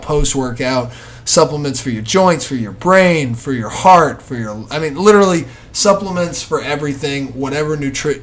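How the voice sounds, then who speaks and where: Rambling, jokey male podcast host. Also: mid-range voice. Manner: rambling, jokey, self-deprecating. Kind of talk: casual sponsor read.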